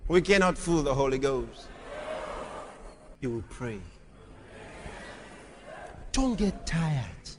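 A man preaching a sermon, moving from quiet storytelling to shouted exhortation. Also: mid-range voice, expressive, slow, pauses often, long reverb tail.

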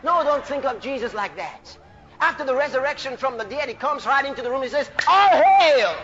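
High-voiced, fiery male preacher. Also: lively intonation, brisk, muffled recording. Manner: impassioned, shouting praise, laughing, dramatic voicing of quotes. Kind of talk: sermon.

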